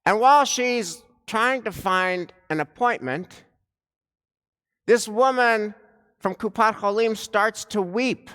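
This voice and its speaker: A man delivering a sermon as a rabbi, telling a story slowly and deliberately with dramatic pauses, recorded in a synagogue sanctuary. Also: high voice, fairly bright tone, clear, resonant tone. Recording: long reverb of a large sanctuary.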